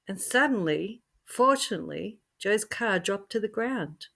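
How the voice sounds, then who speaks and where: A woman telling a scary story in an expressive way, swinging from hushed to loud. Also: medium pitch, a little slow, gravelly, few pauses. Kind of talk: dramatic spoken storytelling.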